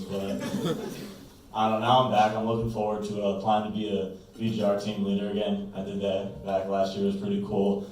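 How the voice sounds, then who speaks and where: A man's voice: lowish voice, monotone, fast talker, a little mellow. A young man doing a stand-up set at a college open mic, rambling and self-mocking with lots of fillers. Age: young adult. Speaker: stand-up comedian. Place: college comedy club room. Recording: echoey room from a distance, noisy.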